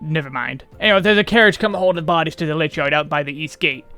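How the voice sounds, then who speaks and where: A man doing a gruff, weary rustic corpse hauler. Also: on the high side, quick pace, sharp tone, soft background music. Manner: drawling, coarse, rustic speech.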